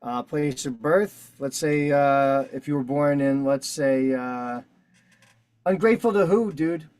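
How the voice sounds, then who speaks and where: In a casual instructional walkthrough on a video call, a man fills out a form while hosting an online meeting, staying profane and combative. He speaks slowly in a medium-pitched voice that's a little mellow, clear, and resonant, with no room sound.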